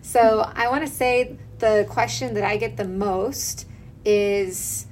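A woman's voice: medium pitch, slow pace, a little hiss or hum. A woman esthetician in her thirties hosting a casual chat, telling stories with lots of giggling. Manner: giggly, animated storyteller.

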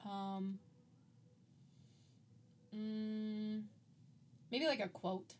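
A woman's voice: mid-range voice, fairly even intonation, drawn-out words, darkish tone, slight background noise. A young adult woman hosting a podcast, chatting casually and laughing often through her sentences. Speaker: podcast host. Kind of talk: casual chat about a movie.

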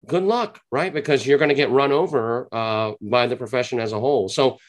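In a laid-back podcast interview, a sales trainer gives an earnest, explanatory answer, building his points one step at a time. His voice is middle-range in pitch, and he draws out the words that matter most by slowing down on them.

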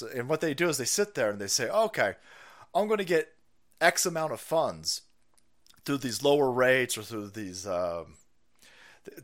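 A man hosting a livestream, ranting profanely about politics and reading out chat messages, often repeating himself. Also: mid-range voice. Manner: foul-mouthed, animated, repeats himself, reads chat aloud. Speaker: livestream host.

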